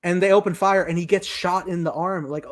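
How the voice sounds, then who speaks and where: A man's voice: high-pitched, steady tone, fairly quick. A young man co-hosting a casual film review podcast, animatedly retelling scenes and acting out quoted lines. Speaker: podcast co-host.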